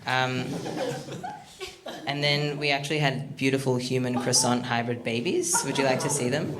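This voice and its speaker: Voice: mid-range voice, steady tone, unhurried, a crowd in the background. Rambling awkward stand-up comic. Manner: rambling, awkward, self-deprecating with many ums. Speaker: stand-up comedian. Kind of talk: stand-up comedy set. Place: comedy studio stage.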